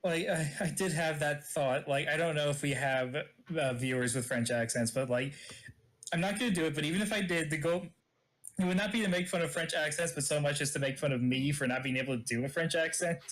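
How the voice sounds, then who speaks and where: A man's voice: fairly high pitch, a little fast, fairly bright tone. Hesitant man running a tabletop game. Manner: hesitant, many fillers, laughs often. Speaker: game master.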